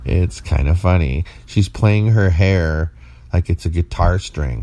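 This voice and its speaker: Very deep-voiced man, tired and rambling. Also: measured pace, warm tone. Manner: rambling and playful, teasing. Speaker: podcast co-host. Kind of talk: casual chat.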